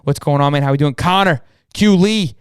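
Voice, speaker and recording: A young man co-hosting a live sports podcast, talking fast and hyped with plenty of slang. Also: a little high, smooth, no room sound, clean studio sound. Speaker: podcast co-host.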